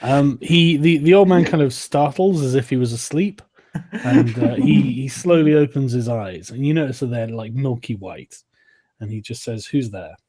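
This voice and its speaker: A man narrating as game master of a tabletop game, laying out scenes in a relaxed, easygoing way with plenty of fillers. His voice is mellow and warm, with a slightly husky edge. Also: medium pitch, normal speed.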